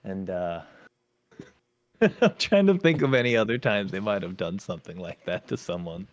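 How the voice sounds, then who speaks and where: Male podcast co-host, lower voice, animated storyteller who acts out the people in his stories. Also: moderate pace. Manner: animated storyteller acting out drill instructors. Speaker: former Marine. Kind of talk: casual storytelling chat.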